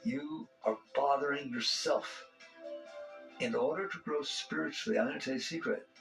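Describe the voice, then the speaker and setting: A man's voice: mid-range voice, normal speed, creaky, music in the background, rough recording. A man giving a conversational spiritual talk to an audience. He asks rhetorical questions and often chuckles. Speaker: spiritual teacher.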